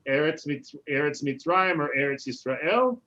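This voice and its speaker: A man, a rabbi, teaching a relaxed Hebrew class over a video call, often checking in with "right?". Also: fairly high pitch, normal speed, lo-fi sound. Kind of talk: casual online class teaching.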